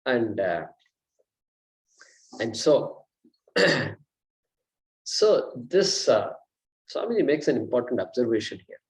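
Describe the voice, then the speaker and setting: A man's voice: medium pitch, sing-song, slow, pauses often, rough recording. A man teaching a Vedanta class in a conversational lecture style, often repeating himself and asking rhetorical questions.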